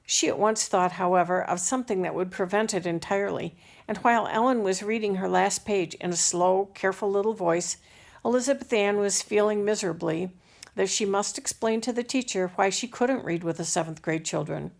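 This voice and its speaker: Gravelly-voiced woman reading a children's novel. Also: mid-range voice, a little fast. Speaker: audiobook reader. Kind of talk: scripted narration of a children's novel.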